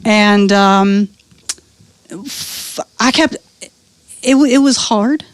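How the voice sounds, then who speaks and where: A woman comedian in her thirties telling her life story candidly, profane and animated, acting out the people she quotes. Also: mid-range voice, extremely slow, no room sound. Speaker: interview guest, comedian.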